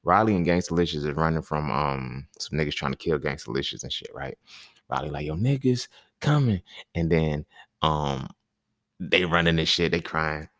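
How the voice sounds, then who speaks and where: A man's voice: extremely low pitch, fairly even intonation, normal speed, fairly bright tone, no room sound, studio quality. A man hosting a podcast, talking in a casual, emphatic monologue full of slang and repeated points. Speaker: podcast host.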